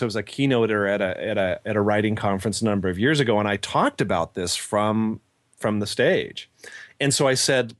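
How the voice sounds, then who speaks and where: A man co-hosting a podcast in casual chat, an animated storyteller who acts out the people he quotes. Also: fairly low pitch, no room sound, clean studio sound. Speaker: podcast co-host.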